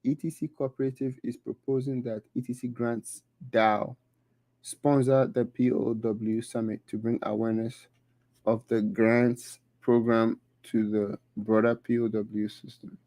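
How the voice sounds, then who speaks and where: A man's voice: medium pitch, level tone, unhurried, mellow, no echo. A man hosting a casual solo stream, reading through a list of items with many fillers and restarts, his throat dry and his voice giving out. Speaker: crypto channel host. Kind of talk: casual solo livestream commentary.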